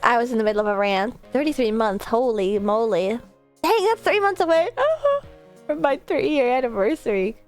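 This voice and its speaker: High, animated woman streamer. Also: normal speed, soft background music. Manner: animated, rambling, swears casually. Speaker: VTuber streamer. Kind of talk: casual live-stream chat. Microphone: desk mic set a bit far off.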